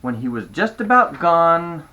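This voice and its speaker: An older grandfather reading a children's storybook aloud in an expressive manner. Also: on the high side, measured pace, lo-fi sound. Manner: expressive, stops to restart.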